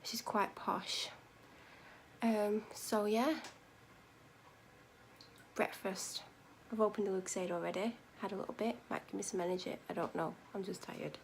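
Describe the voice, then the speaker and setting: A woman's voice: medium pitch, steady tone, unhurried, vocal fry, slight background noise. A tired woman vlogging in casual, meandering chat, correcting herself and sometimes dropping almost to a whisper. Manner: meandering, self-correcting, drops to near-whispers at times. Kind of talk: casual rambling vlog chat.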